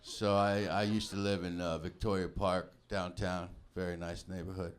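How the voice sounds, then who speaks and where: A man's voice: low-pitched, level tone, normal speed. A man doing a stand-up comedy routine on a club stage, talking casually and acting out the people in his stories. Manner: conversational, acts out quoted people. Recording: live club with crowd laughter. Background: audience laughter.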